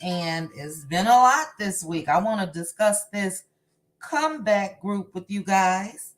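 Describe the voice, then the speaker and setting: A woman hosts a casual live stream, calling out viewers' names one by one in a slow, easygoing rhythm. Her voice sits at a middle pitch, friendly and chatty. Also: lively intonation. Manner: unhurried, warm greetings to chat viewers by name. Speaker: livestream host.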